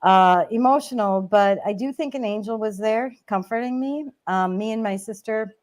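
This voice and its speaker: A woman's voice: medium pitch, moderate pace, darkish tone. A woman co-hosting a casual online chat, telling personal stories and reading viewer comments, getting emotional and laughing often. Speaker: co-host.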